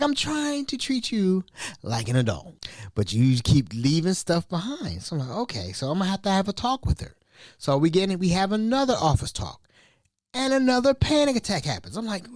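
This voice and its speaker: A man's voice: sits high, no echo, studio quality. A man hosting a podcast, telling a story casually and animatedly, acting out quotes and sound effects. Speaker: podcast host.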